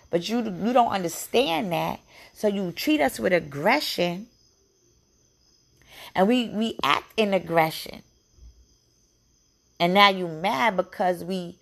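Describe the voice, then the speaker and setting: A young adult woman with a gravelly voice, speaking in an emotional personal monologue to camera, repeating phrases and sometimes dropping to a whisper. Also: mid-range voice, expressive, slow pace, pauses often, a bit bright. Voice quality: gravelly, heavy vocal fry.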